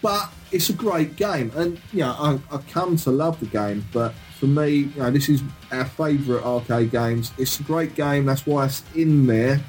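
A man's voice: mid-range voice, moderate pace, few pauses, a little mellow, faint music behind. A middle-aged man co-hosting a casual retro gaming podcast, self-deprecating and rambling with chuckles. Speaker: podcast co-host.

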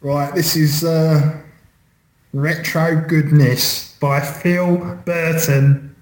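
A man's voice: a little high, level tone, drawn-out words, echoey room, slight background noise, poor audio. A man co-hosting a podcast, reading listener reviews with dry wit. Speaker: podcast co-host. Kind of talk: casual podcast chat, reading reviews aloud.

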